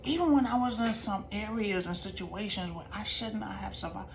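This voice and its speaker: A woman in her fifties from New York tells her life stories in a mid-range voice. Her delivery is slangy and streetwise, dropping low and soft in reflective moments and rising loud and lively as the tale heats up. A faint hiss sits under the recording. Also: moderate pace, gravelly. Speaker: vlogger sharing life stories. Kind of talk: personal storytelling.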